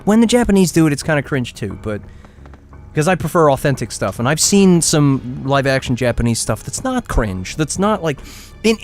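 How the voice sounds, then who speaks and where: A man streaming a game, rambling and ranting with frequent laughter and restarts. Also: fairly high pitch. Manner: rambling, ranting, self-interrupting; laughs often, exaggerated complaints. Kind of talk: live gameplay commentary.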